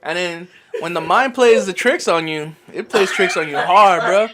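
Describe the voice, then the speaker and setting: A man's voice: high-pitched, moderate pace, noisy background. A man co-hosting a casual podcast, joking crudely and calling people bro. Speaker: podcast co-host.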